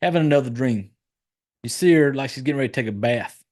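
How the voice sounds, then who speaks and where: A man's voice: mid-range voice, expressive, fast, a little mellow. Casual, profane man recapping a film. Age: adult, married. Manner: loose, profane storytelling, acting out lines in a raised voice. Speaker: podcast host reviewing a horror film. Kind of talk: casual chat.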